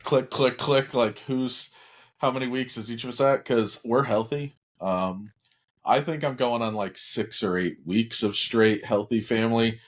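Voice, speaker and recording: A man's voice: mid-range voice, measured pace. A man co-hosting a casual dad podcast, joining in with playful, teasing banter. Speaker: podcast co-host. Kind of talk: casual chat.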